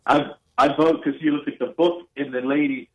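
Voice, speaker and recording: A man's voice: a little high, fairly even intonation, normal speed, darkish tone, dull audio. A man calling into a talk radio show, telling a folksy family story and acting out the voices of his relatives. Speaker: caller.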